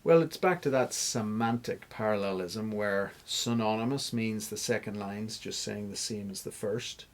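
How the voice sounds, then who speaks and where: A man's voice: on the low side, normal speed, hardly any pauses. A man answering interview questions as a guest scholar, explaining step by step like a teacher. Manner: teacherly, stops to spell out examples.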